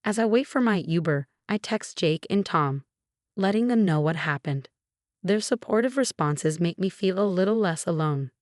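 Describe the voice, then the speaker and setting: Young woman reading a first-person story, kinda low voice, dry close sound. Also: expressive, normal speed, a little mellow, dry recording. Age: 20s. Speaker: narrator.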